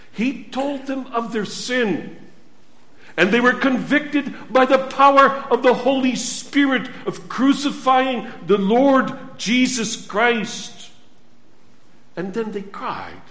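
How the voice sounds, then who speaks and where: A man's voice: very high voice, a bit bright. A man preaching a sermon, earnestly putting questions straight to the congregation. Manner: earnest, addresses the listeners directly with questions. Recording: echoey room.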